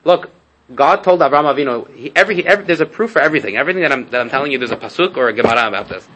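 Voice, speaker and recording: In a low-quality recording with slight background noise, a man with a lively, fairly bright mid-range voice races along. He's a Torah teacher giving a casual class, telling stories full of rhetorical asides and Hebrew terms and often restarting and repeating phrases.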